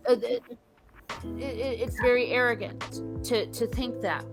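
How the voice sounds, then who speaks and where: A woman as an interview guest, sharing opinions in animated, casual chat and acting out quotes as she goes. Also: a little high, measured pace, music in the background.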